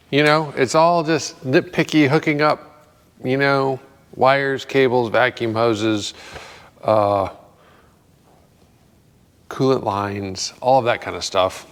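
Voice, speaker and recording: A mechanic walks through his progress on a customer's truck in his workshop, thinking aloud with plenty of fillers and dry, self-mocking jokes. His medium-pitched voice is slow, a bit bright, and clean, with frequent pauses and the sound of a big room around him.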